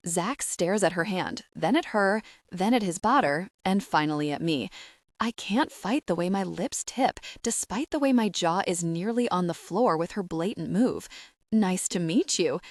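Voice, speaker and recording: A woman's voice: lowish voice, animated, moderate pace, no echo, clean studio sound. A woman narrating a first-person romance audiobook with a wry, sassy storytelling manner.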